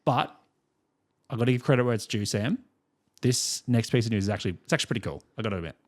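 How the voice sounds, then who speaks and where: A young Australian man co-hosting a music podcast tells rambling stories in a quick, expressive, medium-pitched voice. It's relaxed, casual talk, punctuated by plenty of chuckles.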